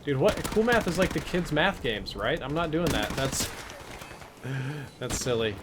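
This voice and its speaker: Male streamer, mid-pitched, casual chatty commentary, gunfire noise in the background. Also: expressive, measured pace. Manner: chatty, answers chat between plays. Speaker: live-stream gamer. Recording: game gunfire under the voice.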